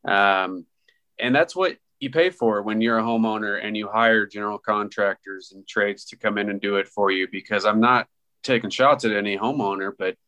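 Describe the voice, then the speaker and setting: A man from the contracting trade explaining things in a steady way during a casual conversation, slowing down to stress his points. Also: on the low side.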